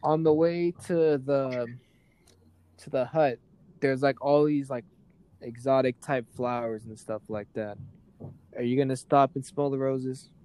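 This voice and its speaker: Man, game master, mellow tone, rambling, filler-heavy narration. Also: medium pitch, fairly even intonation, measured pace, clean tone. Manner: loose and rambling, many fillers. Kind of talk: narrating a tabletop role-playing game.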